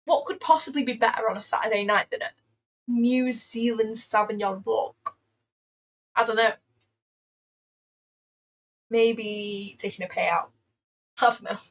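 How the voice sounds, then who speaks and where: A woman's voice: on the high side, unhurried, long pauses, rough recording. A young woman chatting casually on a livestream, playful and rambling as she reacts to her chat. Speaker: trading livestreamer.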